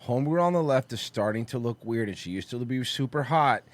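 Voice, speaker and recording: A man's voice: medium pitch, animated, fairly quick. Joking man riffing on news clips. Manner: loose, joking, crude banter. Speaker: podcast co-host. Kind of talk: casual chat riffing over news clips.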